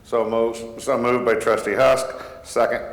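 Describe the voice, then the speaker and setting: A man chairing a village board meeting as mayor, plain and halting with many fillers. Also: mid-range voice, little pitch movement. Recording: echoey hall, long reverb.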